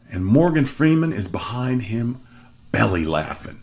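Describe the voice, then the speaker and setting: A middle-aged male opera singer telling stories about his career in a self-deprecating, expressive monologue. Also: mid-range voice, a little slow. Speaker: opera singer hosting his own show. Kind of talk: storytelling monologue.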